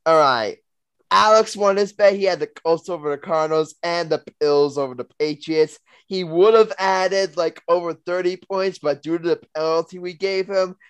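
A young man hosts a casual sports podcast and runs through bet results and league standings with upbeat energy. His voice sits fairly high and sounds smooth and resonant. The sound is close and dry. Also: no echo. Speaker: podcast host.

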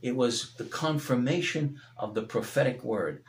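A man preaching a sermon as pastor, swinging between loud emphatic peaks and hushed low passages. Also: normal speed, echoey room. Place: church sanctuary.

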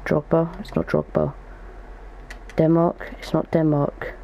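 A man's voice: fairly high pitch, level tone, measured pace, vocal fry, warm tone, a little hiss or hum, low-quality recording. A young man giving casual gaming commentary as a YouTuber, thinking aloud as he goes. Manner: chatty, thinks aloud while opening packs.

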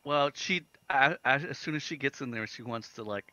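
A man's voice: mid-range voice, a little fast, pushed and bright, highs cut off. A man playing a tabletop game, talking in a hesitant, rambling way. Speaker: player. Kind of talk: tabletop role-play.

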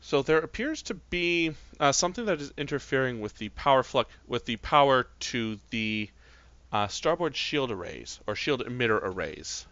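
Bright-voiced male game master. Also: mid-range voice, normal speed, no room sound, lo-fi sound. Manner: relaxed, hesitant narration with many fillers. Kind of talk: narrating a tabletop game.

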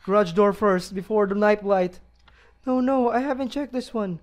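A man's voice: high-pitched, fairly even intonation, normal speed. A man commentating a horror game playthrough, jumpy and easily startled, gasping, yelping and laughing nervously as he plays. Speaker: let's play gamer.

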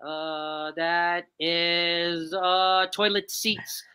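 A woman's voice: lowish voice, flat delivery, extremely slow, pushed and bright, clear, resonant tone. A woman with a New York accent hosting a live-stream game show, joking and reading out viewer answers. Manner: reads out viewer answers, jokey.

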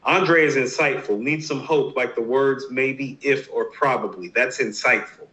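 A man's voice: mid-range voice, measured pace, bright, forceful tone. A man co-hosting a podcast, arguing his points in an emphatic, insistent way during a casual debate. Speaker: podcast co-host. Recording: roomy, dull lo-fi sound.

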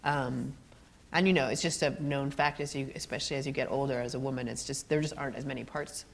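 An animated middle-aged woman, a guest actor telling stories on a college stage, laughing often. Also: rumbling low, fast, vocal fry, a little hiss or hum. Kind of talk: storytelling on a college stage interview.

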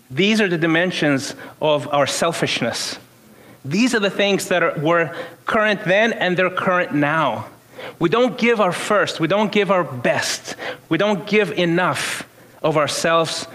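A man in his fifties preaching in a relaxed, conversational way, moving from personal stories to his point. His voice sits a little higher than most men's. He often restarts his sentences as he talks. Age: 50s. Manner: storytelling, informal, frequent restarts. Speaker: pastor. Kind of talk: conversational sermon.

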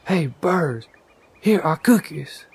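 A man voicing a sensible, patient male frog in a gentle whispered role-play storybook reading. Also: medium pitch, measured pace, creaky, husky, heavily acted. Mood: calling out. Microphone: condenser microphone.

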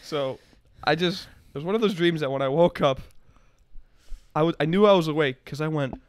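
A young man co-hosting a podcast, telling a story in a casual, animated and profane way. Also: a little high, a little fast, smooth, no echo, studio quality. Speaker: podcast co-host.

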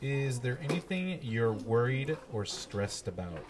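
A man teaching a class and hosting the show, asking questions in a relaxed, playful, teasing way. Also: medium pitch, measured pace, background noise.

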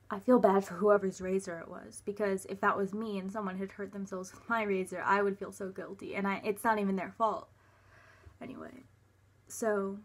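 A young woman telling a personal story in a halting, hesitant way, full of fillers, sometimes dropping to a quiet, soft voice. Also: medium pitch. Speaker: vlogger.

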